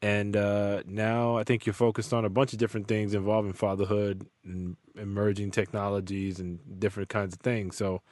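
A man hosting a podcast, talking in a relaxed, slangy way. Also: lowish voice, normal speed, hardly any pauses, no room sound. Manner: relaxed, slangy and laid-back. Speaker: podcast host. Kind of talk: casual chat.

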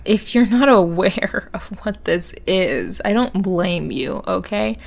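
A woman co-hosting a casual podcast over a call, playful and quick to laugh, with a scratchy throat. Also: medium pitch, lively intonation, vocal fry. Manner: playful, laughs often, jokey. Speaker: podcast co-host. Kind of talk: casual chat. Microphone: remote call.

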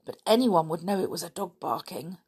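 Julian, a sensible young lad who leads the others, talks earnestly, sometimes drops to a hush, a little low and lively, as a woman reads him aloud in a storybook. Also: moderate pace. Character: Julian, boy eldest, sensible leader.

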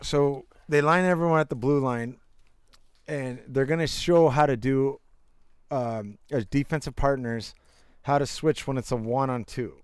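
A man's voice: mid-range voice, steady tone, measured pace, smooth, no room sound. A young man in casual chat, telling rambling anecdotes with bursts of laughter and crude jokes. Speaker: storyteller.

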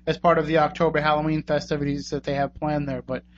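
Here a man with a fairly high pitch and a level tone speaks at a quick pace, hosting a radio talk show as it winds down. Chatty and rambling, he thanks his guests and plugs contacts. The audio is muffled, and a faint hum runs beneath it.

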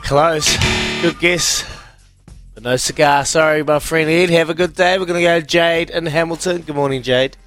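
A man with a New Zealand accent hosting a breakfast radio quiz, bantering quickly and cheekily with callers. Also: fairly high pitch, fairly even intonation, fairly bright tone, soft background music. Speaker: radio quizmaster.

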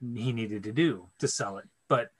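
A man's voice: mid-range voice, a little slow, slightly rough. A man co-hosting a podcast, telling a story in casual chat and swearing freely as he acts out the scene. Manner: profane, animated storyteller. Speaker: podcast co-host.

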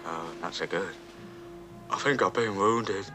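An actor playing a wounded young soldier in a 1960s film comedy, with a feeble, indignant manner. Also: male voice, sits low, a little slow, music in the background. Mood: weak.

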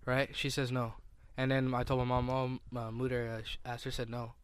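A man's voice: medium pitch, level tone, brisk, smooth, no echo. A young man co-hosting a podcast in casual chat, rambling with lots of fillers and restarts. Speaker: podcast co-host.

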